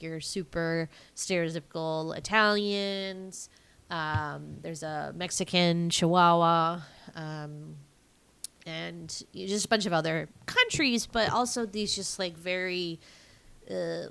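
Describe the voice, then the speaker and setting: A woman's voice: on the low side, creaky, fairly bright tone, clear, resonant tone, no room sound. A woman co-hosting a podcast in casual film-review chat, hesitant and searching for her words. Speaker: podcast co-host.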